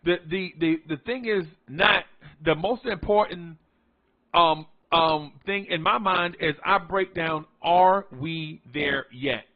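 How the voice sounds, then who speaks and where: This sports fan vlogger from the New York tri-state area chats casually about his basketball team, repeating himself and drawing out key words for emphasis. His voice is high and a little slow, and the recording sounds muffled.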